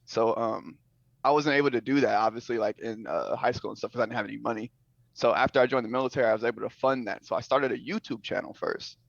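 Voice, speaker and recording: Gravelly young man on dull call audio. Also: mid-range voice, fast talker, dry recording. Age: young adult. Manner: relaxed, laid-back, many fillers. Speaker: guest streamer. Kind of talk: casual storytelling on a call.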